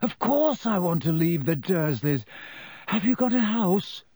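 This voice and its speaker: A man reading aloud voices a croaky young boy wizard, raised in pitch and blunt in his questions. He sounds eager and direct. Close, dry audiobook sound. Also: sing-song, unhurried, warm tone, no room sound, heavily acted. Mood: excited.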